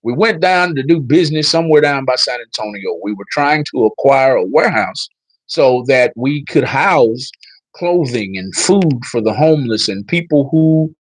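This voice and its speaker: A man's voice: medium pitch, slightly rough, no echo, low-quality recording. Chatty man on a live stream. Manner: chatty storyteller, talks straight to viewers. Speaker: livestream host. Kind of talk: casual livestream chat.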